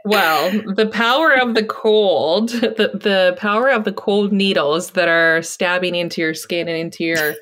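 A woman's voice: mid-range voice, measured pace, few pauses, fairly bright tone. A woman co-hosting a podcast, chatting casually, laughing often and acting out her inner voices. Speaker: podcast co-host.

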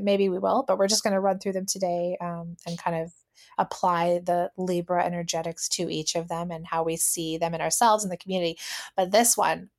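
A woman co-hosting a casual podcast, speaking reflectively, laughing often and acting out voices she quotes. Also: medium pitch. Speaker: podcast co-host.

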